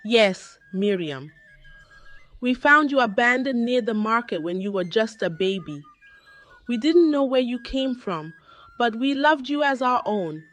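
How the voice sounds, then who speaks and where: A woman voicing a loving adoptive mother who speaks tearfully and slowly. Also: a little high, expressive, soft background music. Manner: tearful, soft.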